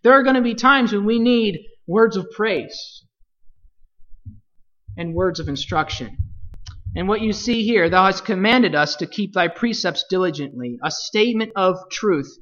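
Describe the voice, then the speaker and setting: A Bible teacher leading a study, speaking deliberately and putting questions to the class. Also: medium pitch, animated, fairly bright tone, dull audio.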